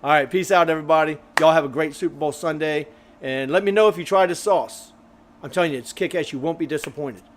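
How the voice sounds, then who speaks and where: A man hosts a casual grilling live stream, talking in a loose, rambling way full of fillers. His voice sits a little high for a man, and he sounds slightly out of breath. A faint hum of ambient noise stays in the background. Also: fast. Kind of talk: casual live-stream chat reading viewer comments.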